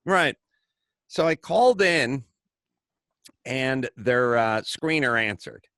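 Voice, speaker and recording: A middle-aged man hosting a talk show, telling stories in a casual, animated way, acting out the people he quotes and swearing freely. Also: mid-range voice, slow pace, no room sound, studio quality. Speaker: podcast host. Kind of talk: casual storytelling chat.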